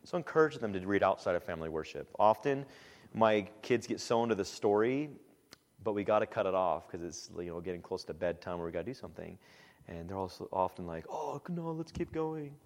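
Male pastor, lower voice, casual teaching talk, reverberant church hall sound. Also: brisk. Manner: relaxed and conversational, with frequent "um"s and animated quoted asides.

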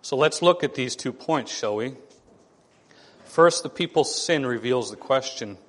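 A man's voice: medium pitch, a little slow. Man preaching in a reverberant hall. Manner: animated preaching, acting out sarcastic voices of others. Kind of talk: sermon.

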